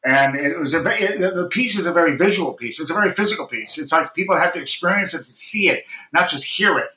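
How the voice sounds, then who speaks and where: A man's voice: fairly high pitch, animated, fast, sharp tone, roomy sound, low-quality recording. A man talking about his acting work in an interview, intense and earnest, often restarting his sentences. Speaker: actor and audiobook narrator, guest. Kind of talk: reflective interview talk.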